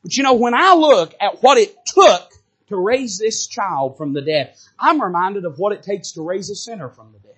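High-voiced man preaching a fervent sermon. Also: lively intonation, normal speed, slightly rough. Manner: fervent preaching with big swings in pitch and loudness; addresses the congregation directly. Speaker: pastor. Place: church sanctuary.

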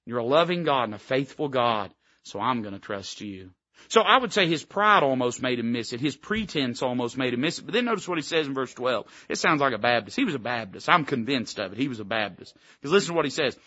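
A man's voice: a little high, big pitch swings, a little fast, sharp tone, dry recording, lo-fi sound. A man preaching a sermon as pastor, folksy and emphatic, throwing out rhetorical questions to the congregation. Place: church sanctuary.

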